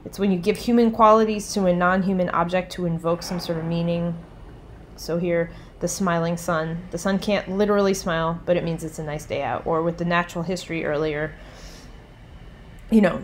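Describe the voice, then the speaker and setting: A woman's voice: on the low side, slight background noise. A woman giving a classroom lecture in a loose, conversational way, often adding "like" and "um.". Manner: conversational, with many "like" and "um" fillers.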